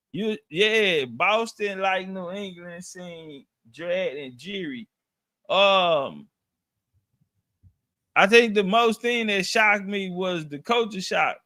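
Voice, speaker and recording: A man spins a casual, slang-heavy story with plenty of profanity and restarts. His voice sits high and bright, and he talks at an easy, slow pace. The sound is dry and close, with no room in it. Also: no room sound.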